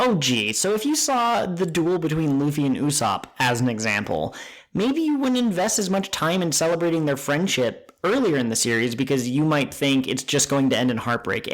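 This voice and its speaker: A man co-hosting a podcast, retelling scenes with excited, animated energy in casual chat. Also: fairly high pitch. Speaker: podcast co-host.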